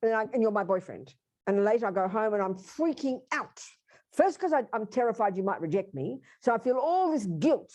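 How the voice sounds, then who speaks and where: Animated, emphatic woman teaching a workshop. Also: on the high side, a little fast. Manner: emphatic, direct, addresses audience. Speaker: Buddhist teacher.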